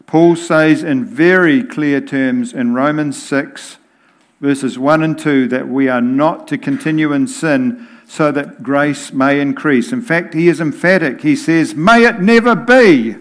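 A man preaching a sermon in a deliberate, emphatic way. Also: on the high side.

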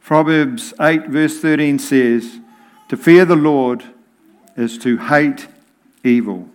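Slow, deliberate male preacher. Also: on the high side, clean tone. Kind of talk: sermon.

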